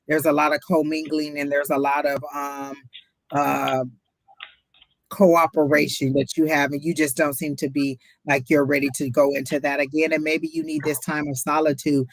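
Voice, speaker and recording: A woman's voice: deep voice, flat delivery, moderate pace, no echo. A woman co-hosting a livestream tarot reading, chatty, blunt and outspoken. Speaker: tarot reader and co-host.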